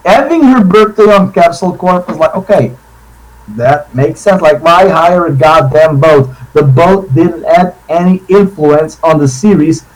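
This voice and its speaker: A man chatting casually on a podcast, excitable and rambling, with many restarts and tangents. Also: fairly high pitch, measured pace, poor audio. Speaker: podcast co-host.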